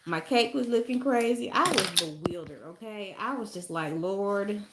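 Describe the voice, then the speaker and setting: A woman with a Southern US accent chatting to camera in her home kitchen, animated and drawn out, calling listeners "honey" and "y'all". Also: medium pitch, moderate pace. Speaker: home baker vlogger. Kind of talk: casual chat to camera. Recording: noisy kitchen with clattering dishes. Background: clinking dishes and utensils.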